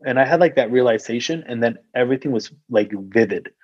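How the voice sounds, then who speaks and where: A man with a somewhat breathy, husky voice tells a long personal story in loose podcast chat. He rambles, fills his speech with "like" and swears casually. The sound is dry and slightly muffled. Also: medium pitch, fairly quick, dry recording. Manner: rambling, heavy use of "like", swears freely. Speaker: guest telling a personal story.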